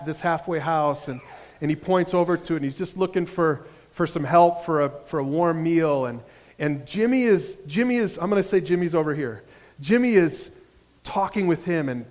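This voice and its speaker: Storytelling pastor in a reverberant hall. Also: male voice, sits high. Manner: storytelling, with repeated restarts and animated emphasis. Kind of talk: sermon.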